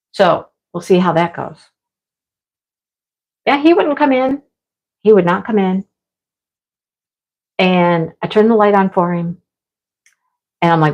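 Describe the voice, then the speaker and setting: A middle-aged woman hosts a livestream from home, chatting casually and rambling through a story peppered with scolding asides. Her voice is lowish and moderately paced, with long pauses. The sound is slightly dull and lo-fi.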